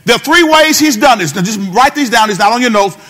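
High-pitched male pastor, call-and-response sermon, sing-song repeats. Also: animated, fast, sharp tone.

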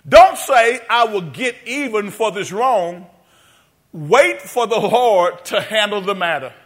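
A male pastor preaching a sermon in a church sanctuary, calling on the congregation to answer back, half-singing some lines and rising to shouts. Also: sits high. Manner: call-and-response preaching, sings some phrases, rises to shouts.

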